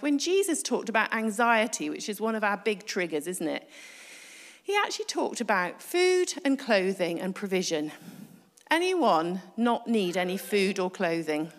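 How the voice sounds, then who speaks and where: Female preacher, conversational sermon, higher voice, reverberant hall. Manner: conversational, asks the congregation rhetorical questions.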